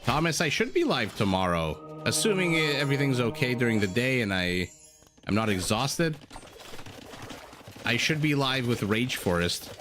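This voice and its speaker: A man's voice: mid-range voice, sing-song, moderate pace, music in the background. A man commentating a strategy game on a live stream, calling the action and chatting with viewers between plays. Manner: chatty, reads and answers chat between play calls. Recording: audible background noise.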